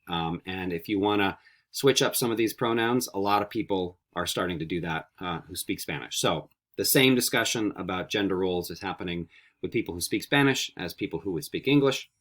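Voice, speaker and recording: A man teaching a Spanish vocabulary lesson, repeating each word slowly and coaxing students with friendly questions. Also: low-pitched, expressive, a bit bright. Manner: slow, carefully repeated word drills. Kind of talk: recorded classroom vocabulary lesson.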